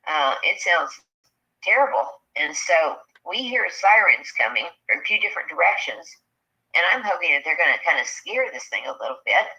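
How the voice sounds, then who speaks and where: A woman telling a personal encounter story in a halting, earnest way, full of fillers, on a dull lo-fi recording. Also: sits low, big pitch swings, bright, forceful tone. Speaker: eyewitness sharing an encounter.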